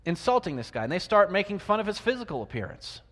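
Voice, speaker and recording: Male preacher with a fairly high voice, sermon delivery full of rhetorical questions and loud-to-quiet swings, long hall reverb. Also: sing-song, fast. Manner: asks the congregation many rhetorical questions; swings between loud emphasis and quiet asides.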